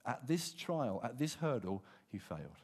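A middle-aged British man preaches in a church with a lively, swooping delivery. He drops to hushed asides and then drives his points home with emphasis. His voice carries the long reverb of the hall. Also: medium pitch, moderate pace, breathy edge. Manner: expressive, dramatic, swings from hushed to emphatic. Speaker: pastor. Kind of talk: sermon.

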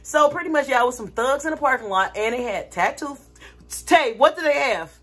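A woman's voice: high-pitched, fairly quick, slightly rough. A woman vlogger talking casually to her viewers, telling a dramatic story with lots of energy. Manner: animated, dramatic retelling with laughter.

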